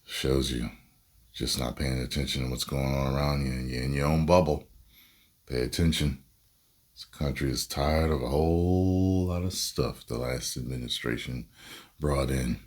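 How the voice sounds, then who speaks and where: A man's voice: extremely low pitch, normal speed, darkish tone. A man hosting a reaction video, chatting casually with laid-back, amused, blunt asides.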